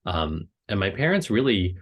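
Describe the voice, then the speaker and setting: A man from the United States, a guest author, answering a book club's questions over a video call in a rambling, casual way full of "like" and quick laughs. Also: sits low, sing-song, breathy edge, dull audio.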